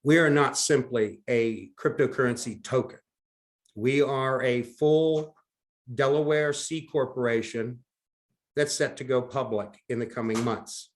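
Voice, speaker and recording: A man's voice: fairly even intonation, measured pace. A man presenting his company on a live call, speaking earnestly and persuasively to the audience. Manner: earnest, persuasive pitch with ladies-and-gentlemen address.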